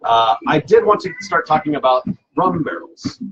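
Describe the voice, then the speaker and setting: A man's voice: on the high side, animated, moderate pace, highs cut off, background noise. A man hosting a casual live cocktail stream from home, playful and self-mocking, rambling with fillers. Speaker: cocktail show host.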